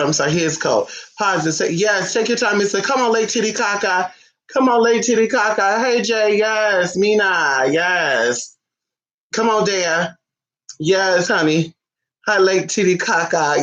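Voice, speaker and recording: Hosting a ritual tutorial on a live stream, this man is sassy and flamboyant, addressing everyone as honey and answering his viewers' comments chattily. His voice is high and slightly bright, and the room is echoey.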